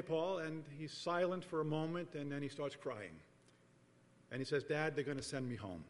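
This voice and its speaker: A middle-aged man preaching a sermon as pastor, telling a personal story in an earnest, measured way and often repeating phrases. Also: on the high side. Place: church sanctuary. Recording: long reverb of a large hall.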